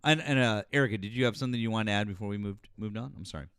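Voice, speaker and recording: A man's voice: very fast, smooth, dry recording, clean studio sound. Swearing male call-in host. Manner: yells and swears at a caller, then calms into low muttering. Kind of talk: heated call-in debate.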